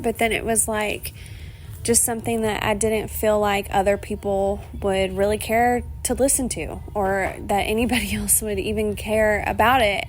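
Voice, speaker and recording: A woman with a fairly high-pitched voice hosts her own solo podcast, rambling chattily and emotionally, laughing a lot and swearing casually. She sounds emotional, close to tears. There's slight background noise.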